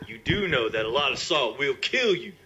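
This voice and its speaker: A man's voice: medium pitch, big pitch swings, normal speed, pushed and bright. A man in casual movie review chat, skeptical and a little apologetic in his objections. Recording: muffled lo-fi recording.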